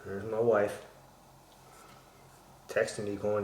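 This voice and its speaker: An electronics restorer with a lowish, steady voice talks a little fast while fixing something at his kitchen counter. He rambles and tosses in joking asides as he works, and the echoey room carries a faint background hum.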